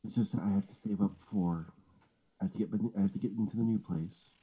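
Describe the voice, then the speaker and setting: A man speaks softly, very close to his microphone, during a late-night livestream chat at home. His voice sits very low and sounds dark and husky. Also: fast talker, rough recording. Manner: talks quietly close to the mic while his family sleeps. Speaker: show regular.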